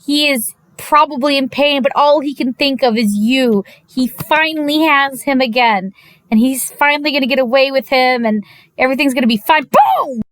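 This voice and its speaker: An anime reviewer gives a casual, animated recap of an episode, swinging between gushing and exasperation. Her high-pitched voice, free of echo, slips into quick impressions of the characters.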